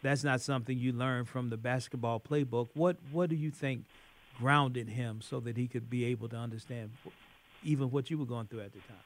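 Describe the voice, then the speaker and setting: A man hosting a radio talk show, asking questions in a relaxed, drawling manner. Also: medium pitch, brisk. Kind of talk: casual interview chat.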